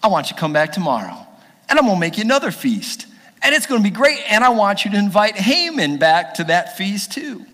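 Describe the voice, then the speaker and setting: A man's voice: high voice, sing-song, a little fast, fairly bright tone, exaggerated voice. A man voicing a clever, confident queen in a breezy, persuasive way, in an echoey church hall. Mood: coaxing.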